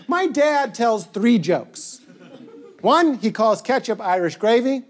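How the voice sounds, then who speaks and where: A man performing stand-up comedy on stage, animated and goofy, breaking into shouted bits. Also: very high-pitched, measured pace. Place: comedy stage before a live audience. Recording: live audience laughter.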